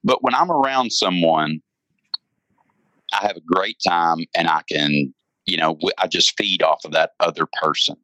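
A man's voice: low-pitched, moderate pace, pushed and bright, dry recording, low-quality recording. A man in casual podcast talk, blunt and profane, laughing about making videos.

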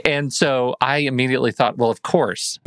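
Medium in pitch and fairly bright, this man's voice moves at a normal speed with fairly even intonation. Co-hosting a podcast, he makes casual, rambling, self-deprecating conversation and often starts his sentences over.

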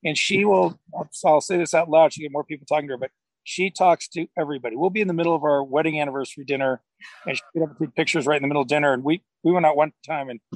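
This middle-aged man has a fairly high voice, recorded with poor audio but no echo. He's a podcast guest chatting casually in an interview, a rambling storyteller who keeps correcting himself and restarting sentences.

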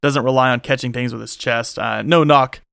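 A man's voice: medium pitch, steady tone, moderate pace, creaky, a bit bright, clear, resonant tone, no echo, clean studio sound. A man hosting a casual sports podcast, talking loosely with lots of fillers and restarts. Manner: rambling, many fillers. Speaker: podcast host.

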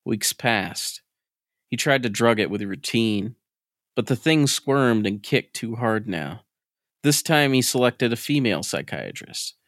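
A man's voice: medium pitch, dry recording. Dry, close male storyteller. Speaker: podcast narrator. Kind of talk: scripted story narration.

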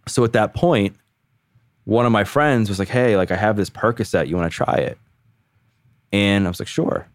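A man in his thirties, a podcast guest, telling his own story candidly in a casual, animated way, full of "like". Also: fairly low pitch, normal speed, no room sound, clean studio sound. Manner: candid, animated, heavy use of "like".

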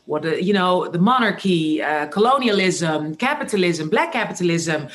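A woman's voice: fairly low pitch, normal speed, slight background noise. A woman with a Dutch accent hosting a podcast, talking eagerly and chattily over a video call. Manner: excited, talkative. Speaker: podcast host. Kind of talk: podcast intro chat. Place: at home in the city.

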